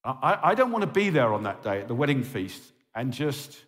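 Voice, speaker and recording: A man's voice: medium pitch, sing-song, brisk, a bit bright. A man preaching a sermon as a pastor, pleading and impassioned, often checking in with his listeners. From England. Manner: impassioned and pleading, with frequent "okay?" check-ins. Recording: reverberant hall.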